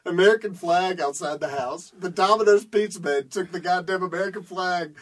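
A man with a fairly high voice tells a rambling, profane story in casual chat. He laughs his way through it, loose and unpolished. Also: brisk.

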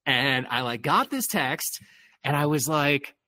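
A man's voice: mid-range voice, sing-song, a little slow, pushed and bright. Rambling man telling a dating story. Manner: rambling, filler-heavy, swears freely. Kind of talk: casual chat.

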